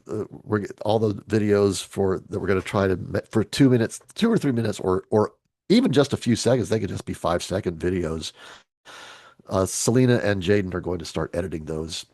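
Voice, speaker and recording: A man with a fairly low voice leads a team meeting over a video call. He rambles in a casual, joking way, stumbling and restarting often. The sound is close and dry. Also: darkish tone, no echo. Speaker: team leader.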